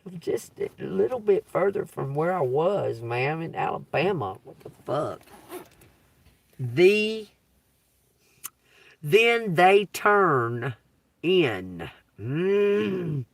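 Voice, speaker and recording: A man speaks in a very slow, drawn-out way with a gravelly, creaky edge and a somewhat high voice. He muses aloud, spelling out letters and cursing offhandedly as he streams from his car. The sound is dry and a little distant, as if from a phone held away from him. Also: sing-song. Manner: slow, musing, spells out letters, swears casually. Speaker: psychic reader live-streaming. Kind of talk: live-stream reading of letter signs. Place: inside a parked car.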